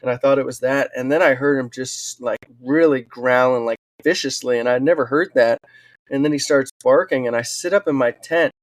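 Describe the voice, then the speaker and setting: A man speaking as a podcast guest, telling his stories in an earnest, animated way with frequent "um"s. His voice sits at an ordinary middle pitch. The recording is dry and close, with little room sound. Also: normal speed, no echo. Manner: earnest, animated storytelling with fillers. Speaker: podcast guest, wildland firefighter and author. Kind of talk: storytelling in a casual interview.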